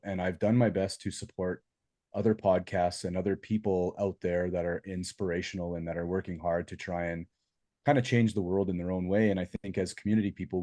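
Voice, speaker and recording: Podcast co-host, man with a very low voice; earnest and reflective, dry recording. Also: warm tone, no room sound. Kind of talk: casual chat.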